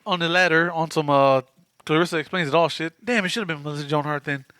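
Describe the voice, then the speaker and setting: Bright-voiced male podcast co-host. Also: fairly high pitch, clean tone, no echo. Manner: quick, chiming-in banter. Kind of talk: casual chat.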